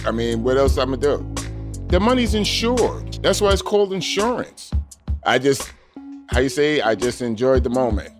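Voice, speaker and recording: A man who works as an armored car guard, telling his story in an interview with animated energy and acting out the voices he quotes. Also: mid-range voice, normal speed, over music.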